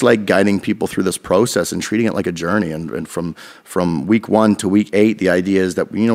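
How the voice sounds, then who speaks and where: A man from Canada talks on a podcast in a low, gravelly voice. He is energetic and swears freely as he tells stories. He speaks into a studio mic. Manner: energetic, profane, storytelling. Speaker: podcast guest, fitness coach. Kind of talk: casual podcast chat.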